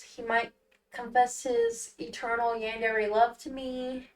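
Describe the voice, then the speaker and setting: A woman's voice: a little high, animated, a little slow, reverberant, far from the mic, low-quality recording. A young adult woman streaming a story game, reading narration aloud and making playful, dramatic asides.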